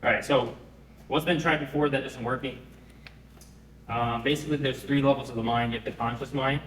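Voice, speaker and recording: Man pitching to a room, echoey and distant. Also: fairly even intonation, a little fast, a bit bright, slight background noise. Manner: conversational, checks in with the audience. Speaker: startup founder pitching. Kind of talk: live pitch presentation. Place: event room.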